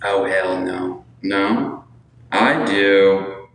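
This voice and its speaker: His voice is low and a bit bright, and he draws out his words. On a livestream in an echoey room with faint background noise, he rambles casually, replies to viewers, solicits their money, and keeps adding "you know what I'm saying".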